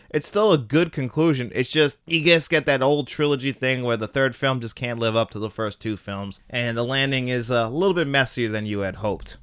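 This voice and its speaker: A man's voice: lowish voice, fairly bright tone, clear, resonant tone, dry recording, clean studio sound. A man hosting a film podcast, giving casual, opinionated commentary in an enthusiastic, chatty way. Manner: enthusiastic, chatty, laughs at his own jabs. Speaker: podcast host ranking films.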